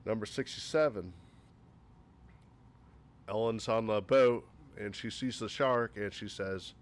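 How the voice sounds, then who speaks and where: A man's voice: on the low side, slow pace, pauses often, slight background noise. Sarcastic, swearing man reviewing movies. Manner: sarcastic, profane, rambling. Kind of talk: casual spoken movie critique.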